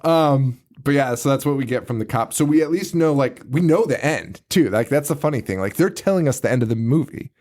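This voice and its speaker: A man's voice: medium pitch, expressive, fairly quick, hardly any pauses, a little mellow. A man co-hosting a horror movie podcast, telling the plot in a loose, swearing way and acting out the characters' lines. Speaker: podcast co-host. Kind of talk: casual podcast movie chat.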